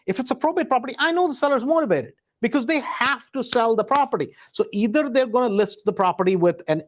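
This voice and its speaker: In a very high-pitched voice, a man gives a live instructional talk on real estate investing, keeping things loose and conversational. He keeps tagging his points with a quick "right?" to check in with listeners, and acts out door-knocking scripts in a hesitant, searching tone.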